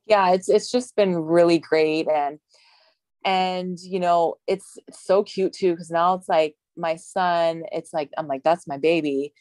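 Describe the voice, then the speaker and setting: A woman's voice: lowish voice, fairly even intonation, measured pace, a little mellow, dry recording. A woman from Hawaii, a bodybuilding competitor, chatting as an interview guest, rambling and laughing, tired. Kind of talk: casual interview talk.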